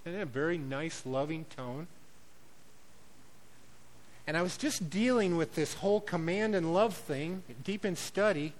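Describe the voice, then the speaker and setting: A man preaching a sermon as pastor, swinging between loud declarations and quiet, conversational asides. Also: a little high, expressive, unhurried, pauses often, poor audio.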